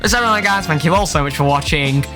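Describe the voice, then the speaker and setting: A man's voice: on the high side, quick pace, over music. A man reading out dating-app chats as a comedy vlog, sarcastic and stumbling over his words. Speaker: YouTuber. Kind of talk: comedic reading of chat messages.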